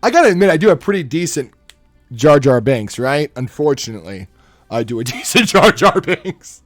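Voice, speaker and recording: A young man chatting casually on a live stream, animated, laughing often and slipping into quick impressions. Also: on the high side, soft background music.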